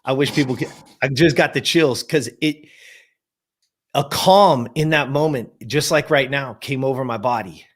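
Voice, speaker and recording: A man's voice: medium pitch, normal speed. A man in his fifties, a guest telling a personal story in an emphatic motivational style, repeating words and addressing the audience directly. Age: 50s.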